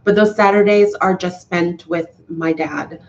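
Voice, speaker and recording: A woman's voice: fairly low pitch, steady tone, unhurried, a little hiss or hum. A woman talking to her viewers in a casual live stream, heartfelt and earnest, often restarting her sentences. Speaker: YouTuber talking to live chat. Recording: slightly dull, lo-fi sound.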